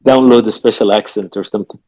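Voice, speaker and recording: A man who speaks Arabic natively, with an American-influenced English accent, guesting on a radio interview and talking with many pauses and fillers. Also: lowish voice, fairly even intonation, darkish tone, dry recording, poor audio. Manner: halting, many fillers and restarts. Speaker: guest author.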